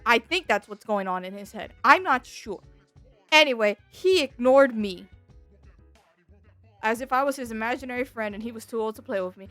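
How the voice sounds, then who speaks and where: A woman VTuber telling a casual storytime with animated, exaggerated delivery and acted-out quotes. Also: on the high side, brisk, no room sound, soft background music. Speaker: VTuber streamer.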